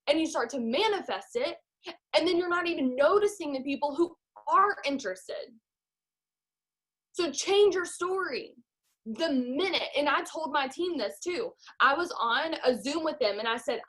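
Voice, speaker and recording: A young woman who leads a sales team, giving an energetic, emphatic motivational talk on a live call. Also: high-pitched. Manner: energetic, emphatic, acts out her own past complaints. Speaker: team leader in direct sales.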